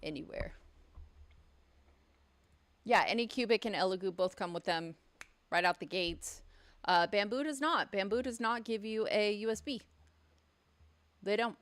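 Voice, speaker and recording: A woman hosts a casual livestream from her home studio, speaking a little slowly with long pauses in a medium-pitched, fairly bright voice. She's chatty and outspoken and swears when annoyed, and her studio mic picks up the room.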